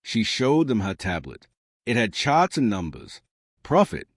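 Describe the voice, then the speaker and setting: A man narrates a story in a plain, steady storytelling manner, with a low voice that rises and falls widely. The recording is dry and close, with no room sound. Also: measured pace, dry recording.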